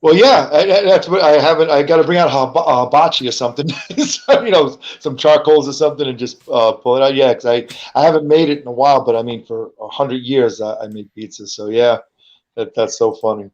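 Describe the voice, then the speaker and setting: A man's voice: medium pitch, a little fast, darkish tone. A man, a guest chatting casually on a podcast, rambling with lots of stammered repeats. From New York. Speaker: guest, comic book street seller. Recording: dull lo-fi sound.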